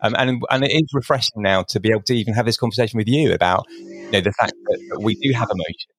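Fast-talking husky man, dry sound. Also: on the low side. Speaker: interviewer. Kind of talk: conversational interview.

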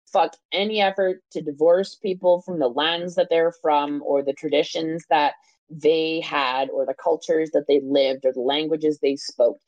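A woman's voice: low-pitched, steady tone, unhurried, a little mellow, no room sound, dull audio. A woman co-hosting a podcast, talking passionately in casual discussion, swearing freely and often checking in with "right?". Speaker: podcast co-host.

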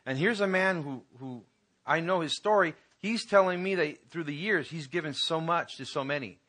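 A man's voice: fairly high pitch, moderate pace, bright, forceful tone. A man pastor preaching a conversational sermon to his congregation, building to emphatic peaks.

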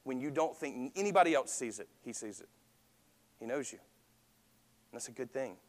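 A man's voice: medium pitch, lively intonation, moderate pace, big-room sound. A man preaching a sermon as pastor, talking conversationally and asking the congregation questions.

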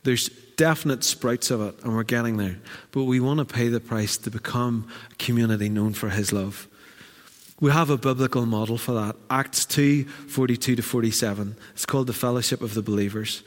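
A man preaching a sermon as pastor, animated and acting out the voices he quotes. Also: mid-range voice, a little fast. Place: church hall. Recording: church hall with long reverb.

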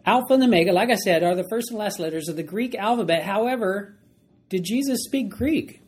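Husky guy teaching a bible study, gets excited, repeats himself for emphasis. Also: high-pitched, a little fast. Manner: animated, emphatic, repeats key phrases.

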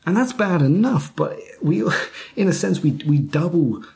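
Slow, gravelly male preacher. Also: a little high, animated, warm tone. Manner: halting, repeats words, drops to whispers for emphasis. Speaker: pastor. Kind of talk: sermon.

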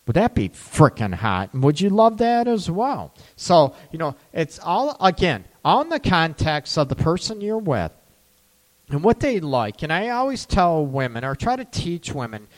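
Male relationship coach, lively and candid, slightly higher voice, long reverb. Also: moderate pace. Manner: candid, joking, laughs often. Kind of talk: live-streamed advice talk.

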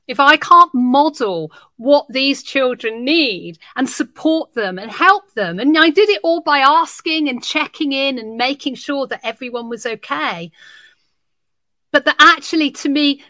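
A woman's voice: on the high side, no room sound. A woman who works in early years education, telling classroom stories on a podcast and acting out the dialogue as she goes. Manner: animated, acts out dialogue while telling stories. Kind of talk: podcast conversation, telling an anecdote.

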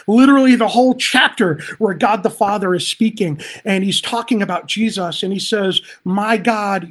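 A man's voice: high-pitched, husky. A man speaking as a pastor on a livestream, upbeat and talking straight to viewers in the chat. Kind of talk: livestream Bible teaching.

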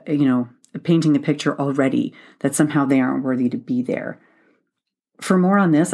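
A woman's voice: low voice, a little mellow. Woman hosting a methodical advice podcast. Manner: instructive, methodical, repeats points for emphasis. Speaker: podcast host, leadership coach.

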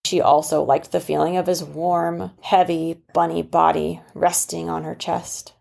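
A mother narrating a children's story, explaining things gently and patiently. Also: deep voice, little pitch movement, measured pace, vocal fry.

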